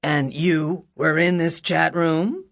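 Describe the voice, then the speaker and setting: A woman's voice: low-pitched, steady tone, slow, creaky, no echo, studio quality, heavily acted. A woman voicing a flamboyant, theatrical male defense lawyer with a silky, mocking drawl, in an audiobook. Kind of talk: audiobook character voice.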